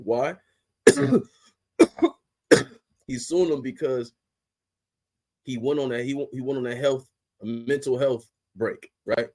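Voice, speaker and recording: A young man rants as a sports podcast host, cussing freely and pushing his voice up when he gets worked up. His pitch sits in an ordinary middle range, and his delivery is blunt and heated throughout. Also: a little mellow. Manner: heated, blunt, heavy swearing, rising to outbursts. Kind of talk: profane ranting commentary.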